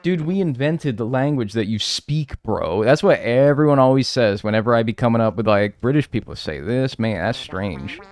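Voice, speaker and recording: Animated man rambling through gameplay commentary. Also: medium pitch, moderate pace, hardly any pauses. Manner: animated, rambling, swears, heavy use of "like". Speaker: streamer. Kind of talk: casual livestream gameplay commentary.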